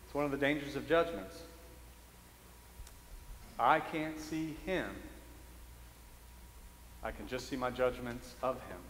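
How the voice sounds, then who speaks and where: A priest preaches slowly with long pauses in a mid-range, slightly bright voice, sharing a humorous story at his own expense and chuckling often. The echoey church hall recording carries a little hiss or hum.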